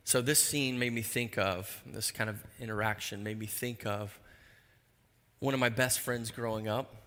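A man preaching a sermon as pastor, telling stories in a lively way and dropping low and quiet for the solemn points. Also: normal speed, long reverb tail.

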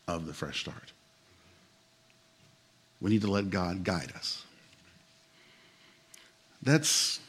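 A man's voice: fairly low pitch, slightly rough. A man preaching a sermon as pastor, telling stories in an easy, conversational way with some humor, and turning earnest and emphatic when he makes his point.

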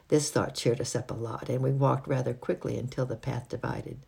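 A reader narrating a children's book aloud in a husky, gravelly voice, with occasional slips and restarts. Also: medium pitch, steady tone, brisk, warm tone. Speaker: audiobook reader.

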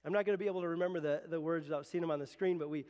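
A man's voice: a little high, steady tone, rapid-fire, a little mellow, muffled recording. A man preaching a sermon as pastor, earnest and conversational, often restarting his sentences. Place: church sanctuary. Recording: long reverb of a church hall.

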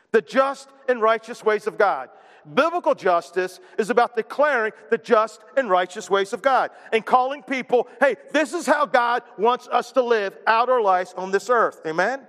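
A man with a notably high voice delivers a sermon as a pastor. He is animated and keeps turning to his listeners with questions. The sound carries a long reverb, as in a church hall. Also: normal speed. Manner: animated, asks the congregation questions.

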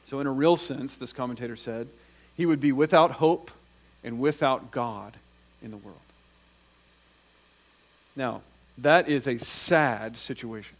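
A man preaching a sermon, acting out quoted voices and swinging from hushed to loud. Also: mid-range voice, a little slow, long pauses. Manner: dramatic, acts out the quoted voices.

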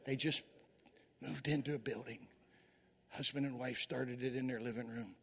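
A man's voice: mid-range voice, fairly even intonation, moderate pace, creaky, a little hiss or hum. A man preaching a sermon, telling folksy personal stories and urging his listeners on with fervent exhortation. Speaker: evangelist preacher. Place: church men's conference.

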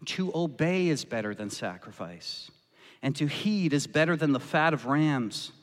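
Impassioned preacher in a reverberant hall. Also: male voice, on the high side, animated, measured pace. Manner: impassioned preaching, acting out quoted voices. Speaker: pastor. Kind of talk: sermon. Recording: long reverb of a church hall.

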